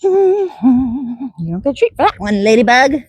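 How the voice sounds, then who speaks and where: A woman's voice: sits high, very animated, a little slow, darkish tone, husky, no room sound. A woman training a donkey outdoors, talking to it in a soothing, coaxing way that often drops to a whisper, with asides to the viewer. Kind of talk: coaching an animal with asides to camera.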